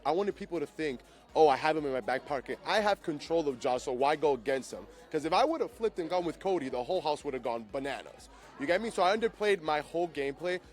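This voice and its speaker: A young man from Miami with a high voice that rushes his words. He talks with raw emotion, loud and laughing, close to tears, outdoors. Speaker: show winner being interviewed. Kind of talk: excited interview chat. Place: outdoor backyard set.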